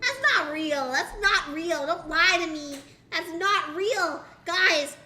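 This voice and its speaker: A young woman streamer chatting casually with her audience, excitable and full of exaggerated disbelief. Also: very high-pitched, takes it slowly, echoey room, soft background music. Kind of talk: casual live-stream chat.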